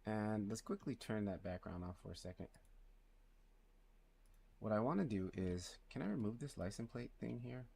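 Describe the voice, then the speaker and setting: A man streaming live as a 3D artist, speaking low and quietly, thinking aloud and muttering numbers to himself as he works. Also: expressive, moderate pace, creaky, long pauses, slight background noise. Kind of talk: thinking aloud while working.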